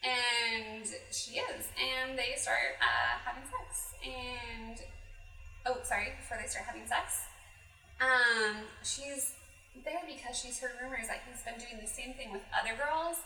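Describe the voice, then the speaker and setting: Woman, high voice, bright tone, giggly, animated, recorded away from the mic. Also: measured pace, roomy sound, distant mic, faint music behind, rough recording. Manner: giggly and animated, acts out characters' lines in quotes. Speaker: podcast co-host recapping an adult anime. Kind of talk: casual chat.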